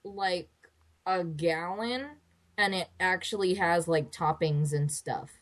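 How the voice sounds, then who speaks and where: A woman's voice: fairly low pitch, slow. A woman hosting a podcast, chatting casually and thinking aloud with frequent restarts. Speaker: podcast host. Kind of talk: casual chat.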